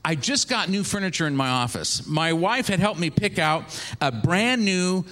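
A preacher in his forties from the Seattle area, telling a story to his congregation. His voice sits a little high for a man, and he acts out each person in the tale with lively changes of voice. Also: moderate pace. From Seattle, Washington area. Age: 40s. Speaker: traveling minister, former pastor. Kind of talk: storytelling sermon.

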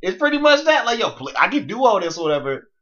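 A bright, animated man riffing casually about an album, his voice jumping up and down as he gets excited. He speaks in loose slang and keeps cutting in on his co-host. The recording sounds a little dull and lo-fi. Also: high-pitched, fast talker. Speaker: music podcast co-host. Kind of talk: casual music review chat.

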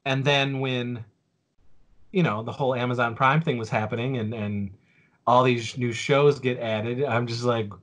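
A man's voice: medium pitch, fairly even intonation, unhurried, a bit bright. A man in his forties on a casual podcast, telling a story with lots of fillers and restarts. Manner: rambling, with many fillers and restarts.

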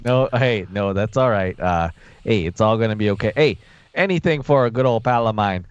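A man's voice: lowish voice, lively intonation, normal speed, smooth, dry recording, lo-fi sound. A man appearing as a guest in scripted comedic radio banter, hesitant and full of fillers but reassuring.

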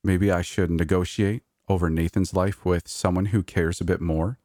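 A man reading as a sly, sinister male creature in a horror audiobook, speaking slowly and deliberately with a mocking edge. The voice is very deep, and the recording is dry and close, with no room sound. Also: fairly even intonation, a little mellow, no echo, close to an everyday voice. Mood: smug, scheming.

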